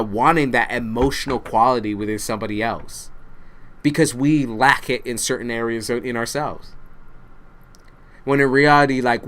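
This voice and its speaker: A man's voice: medium pitch, a bit bright. A man reads tarot to camera in an ordinary mid-range voice. He is blunt and curses freely. He speaks straight to the listener and hammers his points home by repeating them. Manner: blunt, profane, repeats for emphasis; addresses the listener directly. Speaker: tarot reader.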